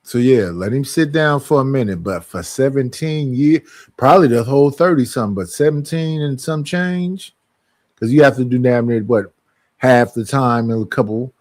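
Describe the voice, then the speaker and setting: A man's voice: medium pitch, animated, normal speed, darkish tone, no echo. A man hosting a livestream group call, talking bluntly and joking with a lot of swearing. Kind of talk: casual livestream chat.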